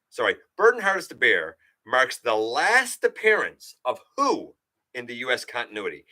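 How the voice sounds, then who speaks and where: Male streamer host, casual and chatty, bright tone, lively swings in pitch, quizzes his viewers. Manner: animated, chatty, quiz-master questions to viewers. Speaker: live show host. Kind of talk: casual livestream chat reading viewer comments.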